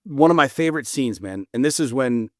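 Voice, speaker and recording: A man's voice: medium pitch, fairly quick, no echo, clean studio sound. A man appearing as a podcast guest, telling stories bluntly and profanely in a casual conversation. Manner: animated storyteller, blunt and profane.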